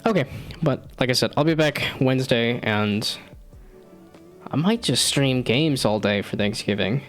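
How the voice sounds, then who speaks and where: A man's voice: medium pitch, lively intonation, a little slow, soft background music. A man in his thirties chatting casually on a live stream, rambling and self-deprecating, laughing often. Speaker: streamer and hobby game developer.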